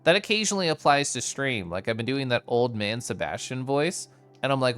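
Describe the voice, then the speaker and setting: Over soft background music, a man with a clean, slightly bright, medium-pitched voice talks a little fast and animatedly. He's streaming a game from home, giggling, being sappy and doing silly voices as he chats with viewers.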